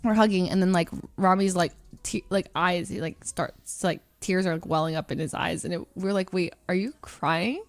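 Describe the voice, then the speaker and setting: A woman's voice: lowish voice, normal speed, hardly any pauses, dry recording. Giggly young woman streamer, dry close sound. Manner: animated, giggly, acts out others' lines. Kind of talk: casual storytelling to stream chat.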